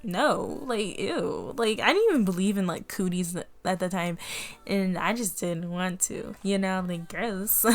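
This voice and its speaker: A young woman casually telling a personal story to the camera, animated and often laughing as she acts out what people said. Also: medium pitch, measured pace. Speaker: vlogger.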